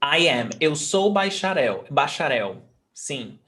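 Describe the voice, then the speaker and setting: A man with a Brazilian accent leads an online Portuguese lesson over a video call, moving slowly and patiently between English and Portuguese. His voice sits a little higher than most men's, and he takes his time over every word. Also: sing-song, sharp tone. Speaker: Portuguese teacher. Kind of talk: online language class.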